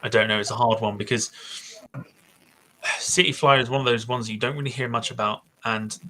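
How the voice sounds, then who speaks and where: A man's voice: medium pitch, fairly even intonation, fairly quick, sharp tone, slight background noise, rough recording. A man hosting a podcast, thinking aloud in casual chat with many hesitations. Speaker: podcast host.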